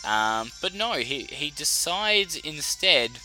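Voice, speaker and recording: A young Australian man commentating a game battle casually, animated and profane, often correcting himself. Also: a little high, slow pace, over loud music. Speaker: YouTuber. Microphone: desk mic.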